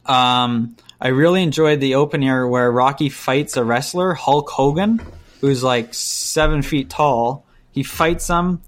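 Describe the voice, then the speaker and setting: A man's voice: medium pitch, a little slow. Blunt, ranting man in casual chat. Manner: ranting, blunt, mimics voices mid-story. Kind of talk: casual chat reviewing movies.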